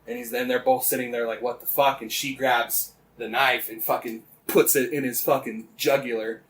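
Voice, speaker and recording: A man's voice: mid-range voice, little pitch movement, moderate pace, a bit bright. A man co-hosting a casual podcast, animatedly retelling events with lots of swearing and "like" fillers. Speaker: podcast co-host.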